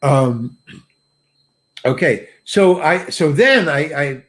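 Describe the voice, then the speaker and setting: A man's voice: fairly high pitch, expressive, takes it slowly, a bit bright. An older male actor telling a self-mocking anecdote in an interview, acting out the people he quotes. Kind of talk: storytelling in an interview.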